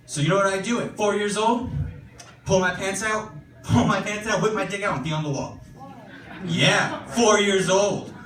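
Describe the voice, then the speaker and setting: A man's voice: high-pitched, normal speed, fairly bright tone, echoey room, recorded from a distance. A young man performing a casual, profane stand-up set, full of fillers and self-deprecation. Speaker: stand-up comedian. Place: comedy club stage with audience laughter.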